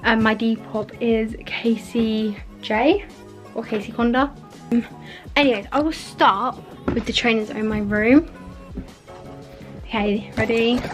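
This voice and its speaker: Young woman, bedroom vlogger, bubbly rambling chat, slightly high, bit breathless. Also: fairly even intonation, unhurried, faint music behind. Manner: chatty, rambling, fillers like "like" and "literally". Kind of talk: casual vlog chat. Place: her bedroom at home.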